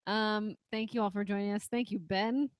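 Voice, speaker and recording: A woman's voice: mid-range voice, fairly even intonation, moderate pace, clean tone, dry recording. A woman hosting a movie podcast, chatting casually with easygoing, laughing banter. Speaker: podcast host. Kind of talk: casual chat.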